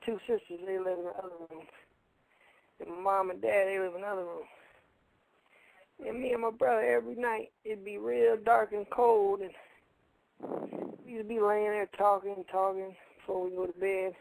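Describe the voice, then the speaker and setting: A man's voice: high-pitched, little pitch movement, moderate pace, gravelly, pauses often, darkish tone, no room sound, rough recording. A man co-hosting a radio show, telling a story casually in a rambling, colloquial way and repeating his phrases.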